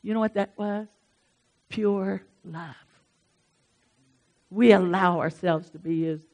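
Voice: medium pitch, slow. Emphatic pastor. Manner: lively, emphatic, talks straight to the congregation. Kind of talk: sermon.

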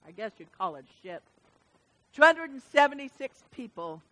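Emphatic woman pastor, bright voice. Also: sits high, sing-song, moderate pace. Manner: emphatic preaching, swinging from loud calls to soft near-whispers. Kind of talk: sermon. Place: church service.

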